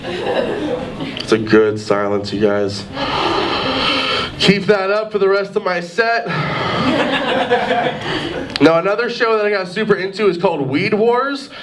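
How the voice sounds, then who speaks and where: High-voiced young man doing stand-up. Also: very animated, slow pace, long pauses, very noisy. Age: 20s. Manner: rambling, self-deprecating, lots of "like". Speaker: stand-up comedian. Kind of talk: stand-up comedy set. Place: pub stage with live audience. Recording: distant mic, audience laughter.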